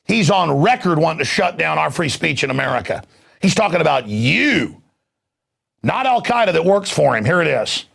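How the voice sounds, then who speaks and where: A male talk show host delivering an angry, heated political rant, mocking and shouting at times. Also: fairly high pitch, sing-song, moderate pace, vocal fry, husky.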